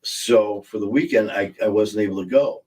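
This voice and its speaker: A podcast host chats casually on a live stream, telling rambling, anecdotal stories and laughing at his own jokes. His fairly low, slightly mellow voice moves at normal speed and sounds far from his streaming setup mic.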